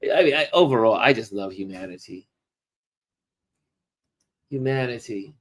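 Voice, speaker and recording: A middle-aged man hosting a casual livestream, musing warmly to viewers as he shows photos. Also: medium pitch, expressive. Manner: slow, musing, talks to viewers while showing photos. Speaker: livestream host.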